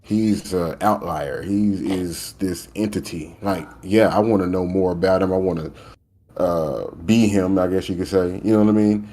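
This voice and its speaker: Low-voiced man giving slangy opinions. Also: moderate pace, dark tone. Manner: loose, slangy opinion talk. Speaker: podcast co-host. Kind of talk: casual gaming chat.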